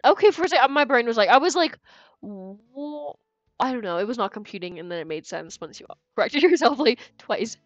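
A woman's voice: fairly high pitch, expressive, a little fast, no echo, highs cut off. Giggly young woman streamer, dry mic. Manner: chatty, giggly, talks to chat. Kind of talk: casual gameplay commentary. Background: faint game music.

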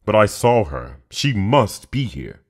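A man's voice: a bass voice, expressive, slow pace, full character voice. A man voicing a huge, menacing male tiger who growls his threats. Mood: demanding.

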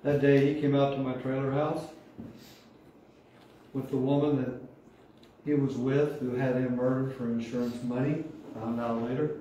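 A man's voice: medium pitch, flat delivery, normal speed, pauses often, mellow, dull audio. A man in his sixties, a pastor, giving an emotional testimony sermon with fervent call-and-response. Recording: echoey hall from far off, faint noise.

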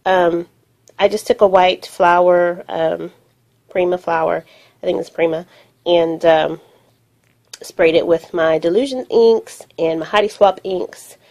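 A woman's voice: lowish voice, steady tone, a little slow, a little mellow. A woman filming her craft projects on her phone, talking through each piece casually and thinking aloud with many fillers. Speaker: crafting vlogger. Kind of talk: casual show-and-tell narration. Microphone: phone camera.

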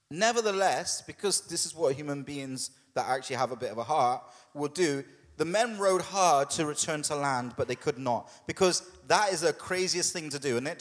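A man preaching a sermon as a pastor, conversational and humorous, putting on quick voices for the people in his story. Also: on the high side, fairly bright tone, long reverb tail. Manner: conversational and humorous, with quoted asides. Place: church hall.

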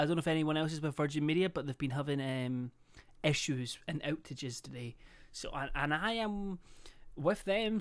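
A man's voice: fairly high pitch, no room sound. Chatty young man streamer, dry close mic. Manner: chatty, reads viewer names in bursts; swears casually, jokey. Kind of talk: casual live-stream chat.

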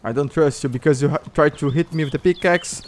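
Fast and darkish in tone, this slightly high male voice comes with slight background noise. He's a gamer streamer with a Brazilian Portuguese accent who, in gameplay voice chat, orders people around, mocks opponents, curses and laughs.

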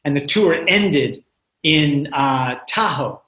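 A man's voice: on the high side, expressive, slow, fairly bright tone. A man in his sixties, a guest actor, chatting casually in an interview and often repeating words as he thinks. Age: 60s. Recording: roomy echo.

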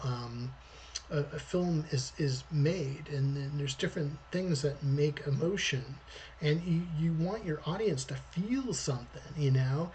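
A man's voice: fairly high pitch, darkish tone, a little hiss or hum. A man, a storyboard artist, giving a rambling, conversational livestream talk.

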